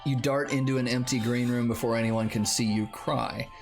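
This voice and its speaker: A man's voice: medium pitch, fairly even intonation, normal speed, gravelly, over music. A man streaming a story game, reading the text aloud and commenting casually with a wry tone.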